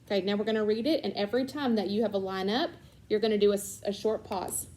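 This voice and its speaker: A woman's voice: mid-range voice, steady tone, fast talker, mellow. A woman tutoring a child in reading, patient and encouraging, with bursts of praise. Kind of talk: one-on-one reading lesson with a child.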